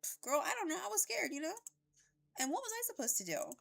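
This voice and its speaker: A woman's voice: very high-pitched, very animated, quick pace, creaky, a bit bright, voice pushed up, exaggerated voice. A woman voicing a careless young woman in a dating game, with a dismissive, shrugging manner. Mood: flippant.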